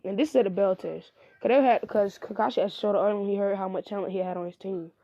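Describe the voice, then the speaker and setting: A woman's voice: mid-range voice, fairly even intonation, fast, warm tone. A woman casually retelling a fan story about ninjas in a rambling way, on a dull lo-fi recording. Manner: rambling, repeats "he would say".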